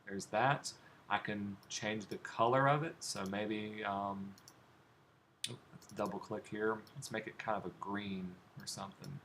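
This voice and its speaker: Man, design teacher, low voice, relaxed step-by-step demo, faint background hiss. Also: measured pace. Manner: relaxed, talks while clicking through steps, asks students questions. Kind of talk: live classroom software demonstration.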